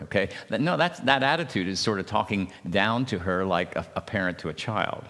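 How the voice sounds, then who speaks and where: Low-voiced man teaching in a reverberant hall. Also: fairly bright tone. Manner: halting, repeats words, checks in with "okay?". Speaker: marriage seminar speaker. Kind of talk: church seminar talk. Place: church hall.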